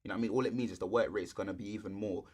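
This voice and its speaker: A young man, co-hosting a podcast in relaxed chat full of street slang. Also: lowish voice, racing, breathy edge. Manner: laid-back, heavy street slang. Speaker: podcast co-host. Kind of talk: casual chat.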